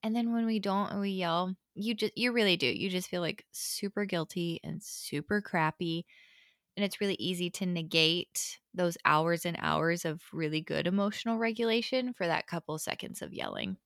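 A young woman co-hosting a podcast, her voice a little low with a gravelly fry. She talks in a candid, chatty way, full of "like" and "really." The sound is dry and close. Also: normal speed, fairly bright tone, no echo. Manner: candid and chatty, many fillers. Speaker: podcast co-host. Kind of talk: casual advice talk.

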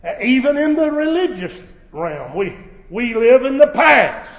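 A man preaching a sermon, swelling into shouted emphasis, recorded in a church sanctuary. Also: very high-pitched, very animated, unhurried, vocal fry. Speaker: pastor. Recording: echoey church hall.

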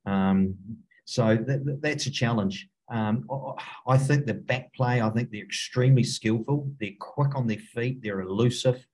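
A middle-aged man with a New Zealand accent, a rugby coach answering interview questions in a halting way, with many fillers and restarts. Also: mid-range voice, darkish tone, slightly rough, poor audio. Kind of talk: casual interview talk.

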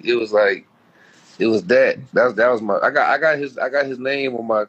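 A man's voice: mid-range voice, a little fast, fairly bright tone, lo-fi sound. A man being interviewed as a guest, telling a personal story in a heartfelt, rambling, slangy way. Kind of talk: casual storytelling.

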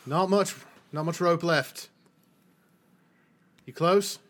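A man playing a tabletop game, describing his character's actions in a low-key, muttering way. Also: slow pace, a bit bright. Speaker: player. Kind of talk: casual tabletop game chat.

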